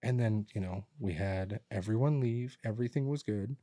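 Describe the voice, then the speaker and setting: Speaking at normal speed in a fairly low, dark voice, a podcast co-host chats casually in a studio with no room sound. He's a rambling storyteller who voices his relatives' lines.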